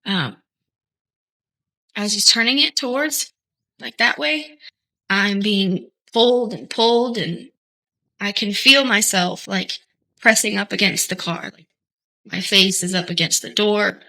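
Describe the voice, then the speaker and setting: Bright-voiced woman testifying in court. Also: medium pitch, low-quality recording. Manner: hesitant, halting answers. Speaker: defendant testifying.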